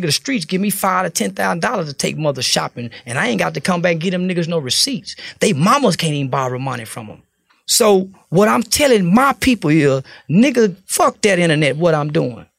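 Blunt, profane guest, gravelly and high-pitched, dry close mic. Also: male voice, no echo. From Texas. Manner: blunt, profane, preacher-like storytelling. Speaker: podcast guest. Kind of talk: casual interview talk.

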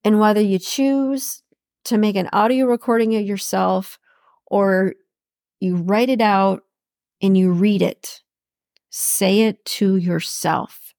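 Woman podcast host, slow, gravelly, dry sound, affirming and repetitive. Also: mid-range voice, no echo. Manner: warm affirming, repeats phrases, speaks imagined words of encouragement. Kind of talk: encouraging solo podcast talk.

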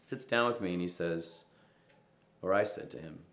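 A young man with a very low, deep voice recalls a personal story in an interview. He talks reflectively and drops into soft quoted asides, and the room around him rings with echo. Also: moderate pace, gravelly. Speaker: musician interviewed.

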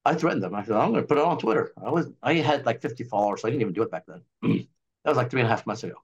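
A man talking as a doctor and guest on a casual interview show, animated and ranting as he lays out his theory. His voice sits at a middle pitch and swings widely in tone. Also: very fast, breathy edge, highs cut off.

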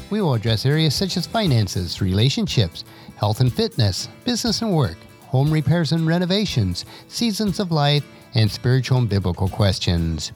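Older man with a lively, preachy delivery. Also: medium pitch. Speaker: podcast host. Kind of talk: scripted advice podcast.

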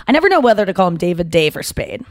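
A young adult woman co-hosts a podcast, talking casually and telling stories in a rambling, animated way, full of restarts, asides and self-interruptions. Her voice is lowish and her delivery rapid-fire. The recording is dry, with clean studio sound.

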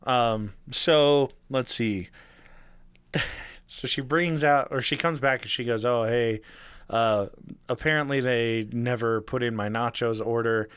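A young man telling a story in casual chat, animated, swearing freely and acting out the people he quotes. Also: medium pitch, a little slow, smooth, dry recording.

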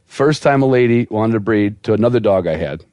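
Man spinning a lively yarn, dry sound. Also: fairly low pitch, brisk, no room sound. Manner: animated, laughing storyteller. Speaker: podcast guest, dog breeder. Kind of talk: casual storytelling on a podcast.

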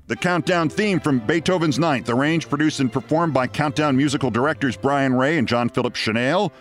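A middle-aged man with a New York accent hosting a podcast, telling a story with a wry, deadpan delivery and signing off the show. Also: medium pitch, a little fast, few pauses, soft background music. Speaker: podcast host. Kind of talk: storytelling monologue and show sign-off.

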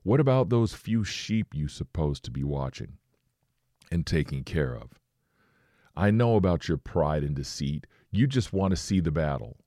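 A preacher reading as a scolding older brother. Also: male voice, rumbling low, sing-song, measured pace, dark tone, no room sound, clean studio sound, exaggerated voice. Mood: angry.

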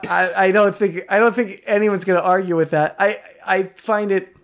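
A woman's voice: mid-range voice, fairly even intonation, normal speed. Wry, teasing podcast co-host woman. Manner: wry, teasing, trails off mid-sentence. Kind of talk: casual chat.

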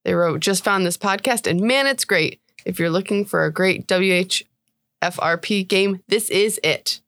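A woman's voice: mid-range voice, moderate pace, a bit bright, dry recording. A woman co-hosting a tabletop game podcast, chatting playfully and reading out listener reviews.

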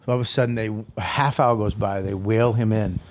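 Male comic co-host, casual and profane, animated storyteller. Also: lowish voice, brisk, slight background noise. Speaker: comedian podcast co-host.

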